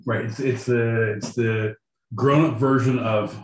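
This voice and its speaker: A man's voice: mid-range voice, steady tone, measured pace, echoey room, far from the mic, lo-fi sound. A man co-hosting a podcast in casual comedic chat, joking around and acting out little bits. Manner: jokey, slips into silly voices and bits. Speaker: podcast co-host.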